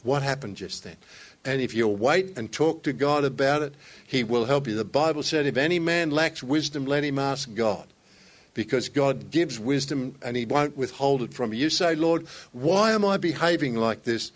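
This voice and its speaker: A man's voice: mid-range voice, normal speed. A man preaching a sermon, telling a personal story with rising intensity. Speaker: pastor.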